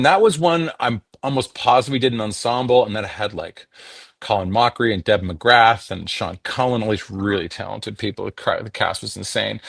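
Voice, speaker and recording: Animated man telling stories. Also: mid-range voice, gravelly, no room sound, studio quality. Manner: animated, slips into impressions while telling stories. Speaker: voice actor guest. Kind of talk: storytelling interview talk.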